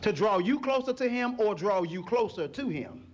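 A man's voice: high voice, normal speed. A male pastor preaching a sermon in church, acting out little scenes and calling on the congregation. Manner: animated, acts out voices and call-and-response. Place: church sanctuary.

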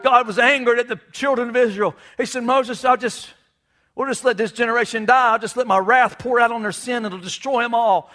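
A man's voice: very high-pitched, fairly even intonation, brisk, pushed and bright. A man preaching a sermon, fervent, with call-and-response asides to the congregation. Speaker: pastor.

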